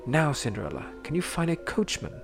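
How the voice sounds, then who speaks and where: A kindly fairy godmother who hurries her godchild along with brisk, motherly commands, as a man reading a storybook puts her on. The voice is gravelly, with music playing underneath. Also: on the high side, huge pitch swings, voice pushed up, full character voice.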